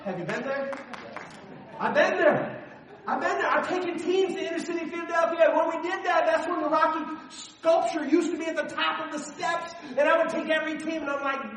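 Male pastor, high bright voice, emphatic sermon delivery with shouted peaks, roomy church echo. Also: moderate pace, a little hiss or hum. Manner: animated, emphatic preaching with sudden shouts. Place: church sanctuary. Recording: roomy echo, voice heard from a distance.

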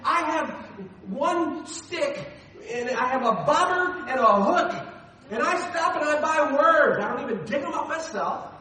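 High, lively pastor in an echoey hall. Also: male voice, a little slow, far from the mic. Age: middle-aged. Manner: animated, self-deprecating humor. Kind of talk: sermon with personal storytelling.

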